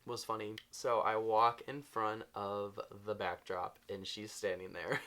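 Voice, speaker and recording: A man's voice: on the low side, flat delivery, a little slow, a bit bright. Bubbly young man gushing in a vlog. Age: young adult. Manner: bubbly, gushing, says "like" constantly. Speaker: vlogger. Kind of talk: storytime vlog.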